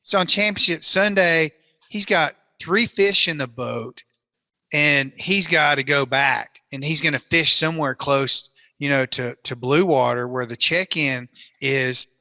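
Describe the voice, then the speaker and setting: Man with a bright, tense voice. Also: on the high side, measured pace, dry recording. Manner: animated, breaks into laughter often. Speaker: guest storyteller. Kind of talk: casual podcast storytelling.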